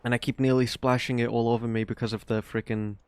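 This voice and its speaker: A man giving casual, rambling gameplay commentary as a let's play host, quick to marvel at what he sees. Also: medium pitch, flat delivery, smooth, dry recording. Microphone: desk microphone. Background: faint game music.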